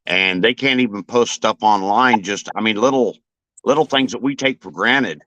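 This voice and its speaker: A man's voice: fairly low pitch, normal speed, pushed and bright, no room sound, low-quality recording. A man giving his opinions on a live stream in a hesitant way, with lots of "uh" fillers. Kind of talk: casual chat.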